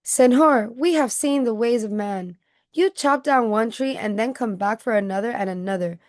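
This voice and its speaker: A woman's voice: on the high side, moderate pace, darkish tone, no room sound, studio quality, close to an everyday voice. A woman voicing a troop of monkeys in a storybook, urgently warning a man about cutting down the forest.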